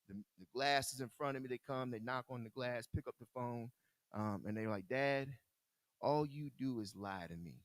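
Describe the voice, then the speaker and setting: A man's voice: mid-range voice, fairly bright tone, dry recording. Candid, laughing man telling his story. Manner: casual and candid, laughs often, repeats words as he talks. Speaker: speaker in recovery sharing his story. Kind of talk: personal storytelling to a live group.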